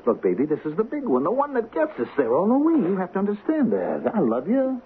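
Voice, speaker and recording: A man's voice: high voice, huge pitch swings, quick pace, a little hiss or hum. An actor playing a volatile male crook who swings from snarling threats to wheedling, in a radio drama. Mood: coaxing. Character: volatile male crook, bullying yet pleading. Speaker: gang member. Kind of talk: 1970s radio drama acting. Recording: tinny old radio broadcast.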